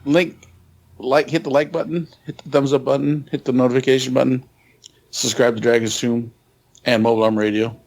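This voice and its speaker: A man's voice: mid-range voice, level tone, brisk, darkish tone. A man co-hosting a podcast in casual chat, restarting sentences as he reminisces. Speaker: podcast co-host.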